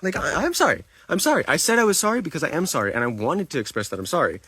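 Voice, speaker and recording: A man's voice: fairly high pitch, big pitch swings, racing, pushed and bright, slightly rough, no echo. A man livestreaming to his chat, talking defensively, repeating himself and swearing.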